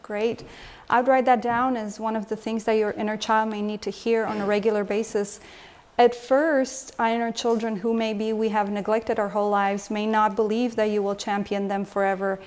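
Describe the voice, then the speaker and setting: A woman's voice: mid-range voice, flat delivery, moderate pace, a little mellow. Woman coach leading an interactive talk. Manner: engaging, asks the audience questions. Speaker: emotional health coach. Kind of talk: lecture with audience exchange. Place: lecture room with audience.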